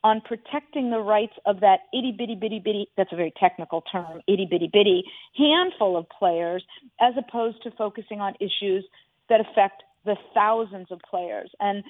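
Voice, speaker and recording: A woman's voice: medium pitch, moderate pace, dry recording. Middle-aged woman, radio guest analyst, emphatic, repeats words for stress, tinny phone line, dry sound. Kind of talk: radio show phone interview. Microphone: phone line into radio studio.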